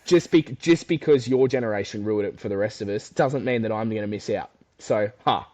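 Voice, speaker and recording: A man's voice: fairly low pitch, fairly quick, a little mellow. A young English man co-hosting a sports podcast, chatting casually with teasing, jokey banter. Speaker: podcast co-host. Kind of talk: casual chat.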